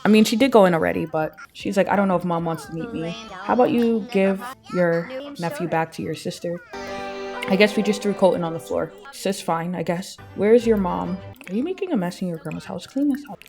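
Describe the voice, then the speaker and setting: A woman's voice: on the low side, soft background music. Chatty woman narrating her gameplay. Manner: chatty, voicing sims in quick asides. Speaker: gameplay host. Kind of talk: casual let's-play commentary.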